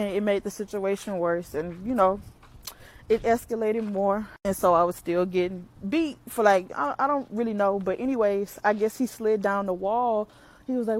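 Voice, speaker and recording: A young adult woman telling a personal story on camera in a candid, blunt, profane and emotional way. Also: medium pitch. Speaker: vlogger.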